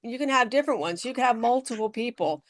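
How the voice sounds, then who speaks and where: A woman guest on a podcast interview, telling stories in an animated way and acting out the people she quotes, speaking from her office. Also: a little high, quick pace, no room sound, studio quality. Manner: animated storytelling, acts out quoted voices.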